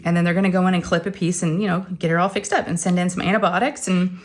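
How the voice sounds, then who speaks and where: A woman's voice: fairly low pitch, steady tone, quick pace. A middle-aged woman, chatting casually as a crafting channel host and telling a long story full of acted-out quotes. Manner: rambling storyteller, acts out quotes. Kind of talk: casual chat while crafting.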